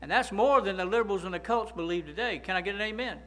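High, bright-voiced preacher. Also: male voice, quick pace, low-quality recording. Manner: preaching with frequent "right?" and "amen?" prompts to the congregation. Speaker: pastor. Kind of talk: sermon.

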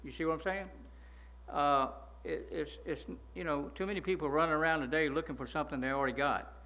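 A man's voice: fairly high pitch, steady tone, fast, bright, forceful tone. A man preaching a sermon, emphatic, often stopping to ask his listeners "right?" and repeating words as he goes.

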